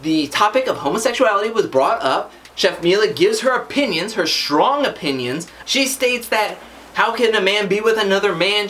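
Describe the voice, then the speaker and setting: A woman's voice: mid-range voice, a bit bright, slight background noise. A woman giving a chatty, gossipy recap of a TV episode, retelling scenes in a casual way and quoting the people in them. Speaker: TV recap host.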